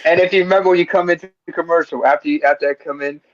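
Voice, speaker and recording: A man's voice: on the high side, steady tone, rapid-fire. A man as co-host in a casual chat, agreeable and full of affirmations. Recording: dull lo-fi mic.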